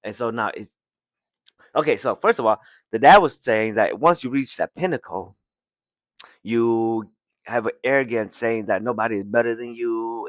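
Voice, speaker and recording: A man's voice: mid-range voice, no room sound. Rambling male podcast host recapping. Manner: rambling, restarts, chuckles often. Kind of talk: casual chapter recap.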